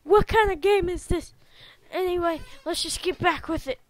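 A young woman playing a game and commenting, reading chat messages aloud, excitable and given to loud exclamations, with a stuffed-up nose. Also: extremely high pitch, no room sound. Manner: excitable, exclaims loudly, reads text slowly. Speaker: gamer.

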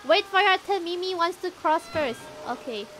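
Very high-pitched excitable woman streamer. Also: moderate pace, soft background music. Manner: excitable, squealing and shouting at the game; talks to the cat character, meowing. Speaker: streamer playing a game. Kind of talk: live game stream commentary.

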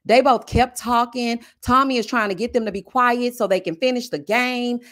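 A woman's voice: fairly high pitch, normal speed. A woman giving a casual, sassy review of a reality TV show, acting out what people said. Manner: sassy, animated, acts out quoted people. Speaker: reality TV commentator.

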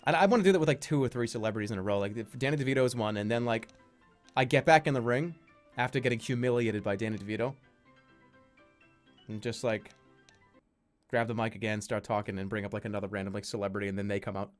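A man streaming a game, chatting casually in a rambling, jokey way, sometimes jumping into loud, high mock-announcer bits. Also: quick pace, long pauses, faint music behind. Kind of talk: casual gaming stream chat. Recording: game gunfire noise behind voice.

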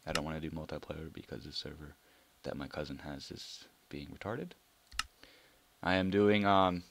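A young man giving casual gameplay commentary, excitable, swearing now and then and muttering asides under his breath. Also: very deep voice, moderate pace, gravelly. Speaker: let's play gamer.

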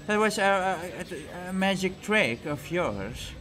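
A man's voice: high voice, slow pace, crowd noise. Sarcastic man commentating a game. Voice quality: sarcastic, mock-excited, swears a lot. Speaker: gamer commentating his gameplay. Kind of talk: casual gameplay commentary.

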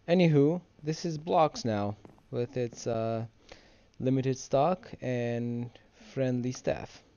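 A man's voice: medium pitch, warm tone, clear, resonant tone, highs cut off. A man giving casual, rambling gameplay commentary for his channel, drowsy and easily distracted. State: sleepy, yawning. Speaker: gamer and video host.

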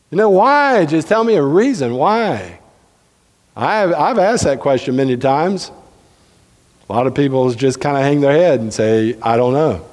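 Pastor, male, high voice, preaching with leaps and stretched words, reverberant church hall. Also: a little mellow. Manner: preaches with sudden pitch jumps, drawn-out emphasis. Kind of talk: sermon. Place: church sanctuary.

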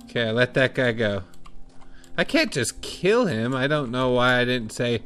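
A man casually commenting while playing a game, thinking aloud in a musing, unhurried way. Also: mid-range voice, animated, a bit bright, faint music behind. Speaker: let's play host.

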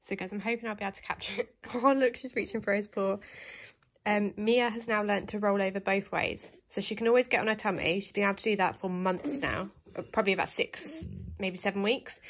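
A woman's voice: mid-range voice, a little fast, slightly rough. A young woman filming at home, cooing to her baby and dogs in a sing-song baby-talk voice. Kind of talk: home video chat. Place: home indoors. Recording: faint background noise.

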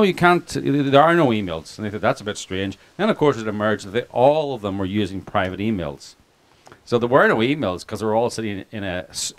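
A man with an Irish accent, a documentary filmmaker speaking informally to an audience, rambling and joking with many restarts and asides. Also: lowish voice. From Ireland. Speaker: documentary filmmaker giving a speech. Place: outdoor picnic gathering.

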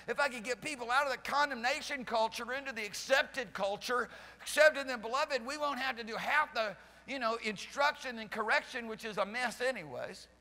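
Fervent preacher man in a reverberant church. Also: very high voice. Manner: fervent, swings from loud shouting to soft pleading. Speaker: pastor. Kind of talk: charismatic sermon. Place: church sanctuary during a service.

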